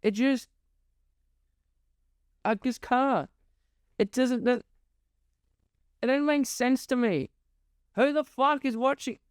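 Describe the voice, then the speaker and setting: Young male host, exasperated sarcastic monologue, clean crisp delivery, dry booth sound. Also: very high-pitched, takes it slowly, long pauses, no room sound. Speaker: podcast host. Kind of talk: ranting monologue.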